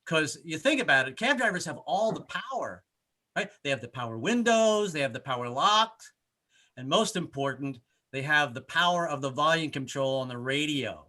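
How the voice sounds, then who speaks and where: A man performing a rambling, self-deprecating stand-up comedy set, often shouting in put-on voices. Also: fairly high pitch, animated, normal speed. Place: home in Brooklyn, skyline behind.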